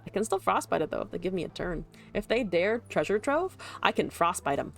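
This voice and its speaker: A woman's voice: on the low side, big pitch swings, fairly quick, creaky. A woman streaming a card game, chatting casually, swearing and laughing as she plays. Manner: chatty, swears, laughs often, talks to chat. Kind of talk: casual gameplay commentary.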